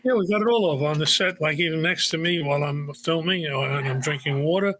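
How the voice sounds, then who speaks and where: A man's voice: on the high side, fast talker, background noise. Chatty older Brooklyn man. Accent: Brooklyn New York. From Brooklyn, New York. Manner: chatty storyteller, repeats words. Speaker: guest. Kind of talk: casual interview chat.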